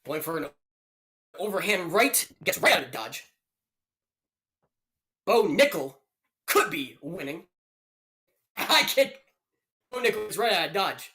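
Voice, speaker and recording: A young man giving jokey, excitable play-by-play commentary on a live fight stream, breaking into loud outbursts. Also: sits high, slow, pauses often.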